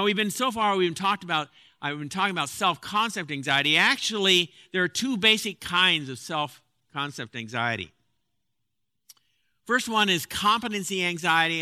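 A man giving a spoken lecture as a counselor, earnest and halting, with frequent restarts and fillers. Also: on the high side, bright, forceful tone, no echo, clean studio sound.

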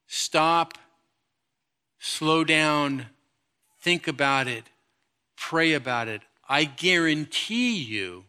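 Bright-voiced animated male preacher. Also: fairly high pitch. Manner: animated, conversational preaching with sound effects and acted-out asides. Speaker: pastor. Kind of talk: sermon.

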